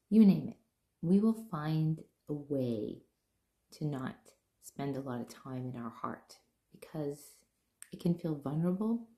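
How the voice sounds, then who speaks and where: A middle-aged woman telling personal stories in a gentle, earnest reflective talk as a spiritual teacher. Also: deep voice, creaky. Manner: gentle, earnest storytelling with soft pauses. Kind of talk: heartfelt spoken reflection.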